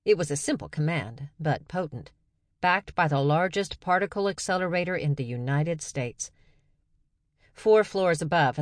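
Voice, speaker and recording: A woman narrating a science fiction story in a steady, measured way. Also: sits low, no room sound, studio quality. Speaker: audiobook narrator. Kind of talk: scripted narration.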